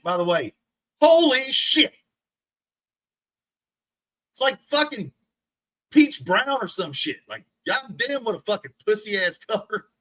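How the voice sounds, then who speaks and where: A man's voice: high-pitched, a bit bright, dry recording. A man streaming, ranting and mocking someone with profanity and frequent laughter, from a recliner indoors. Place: indoors, sitting in a rolling recliner.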